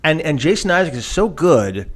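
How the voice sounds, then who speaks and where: A man co-hosting a podcast, chatting in an animated, rambling way full of fillers and quick mimicked voices. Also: fairly high pitch. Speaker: podcast co-host. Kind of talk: casual chat.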